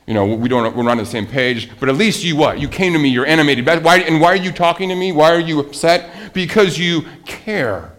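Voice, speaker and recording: A man preaching a sermon as a pastor, animated, with rhetorical questions and swings from loud emphasis to quiet asides. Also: on the high side, a little fast, hardly any pauses.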